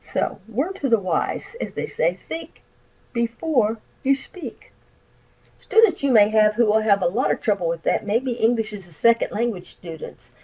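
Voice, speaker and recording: A woman's voice: on the high side, warm tone, slightly rough. Southern lady teaching a class over slides, chatty, dull lo-fi sound. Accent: Southern American. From Midwestern United States. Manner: chatty, explains with acted example phrases. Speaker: college instructor. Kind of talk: recorded lecture over slides. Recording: dull lo-fi lecture recording.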